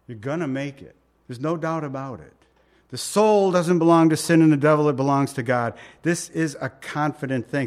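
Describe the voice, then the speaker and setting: Emphatic preaching man, higher voice. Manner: emphatic preaching, slows down to stress scripture quotes; asks the listeners rhetorical questions. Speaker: pastor. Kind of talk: sermon.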